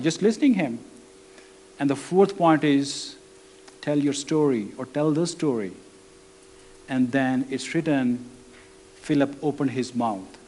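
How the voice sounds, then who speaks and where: A man preaching a sermon and telling a personal story, conversational and halting, with restarts and non-native grammar. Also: fairly high pitch.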